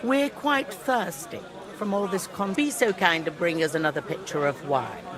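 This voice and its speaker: An actress playing a sharp-tongued medieval noblewoman, speaking in an arch, teasing manner. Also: on the low side, normal speed, a loud crowd, natural voice. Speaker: noblewoman at a feast. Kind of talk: video game voice acting.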